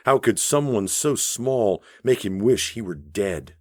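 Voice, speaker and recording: A man narrating an audiobook in a measured, even storytelling voice on a close studio mic. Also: lowish voice, dry recording. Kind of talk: scripted narration.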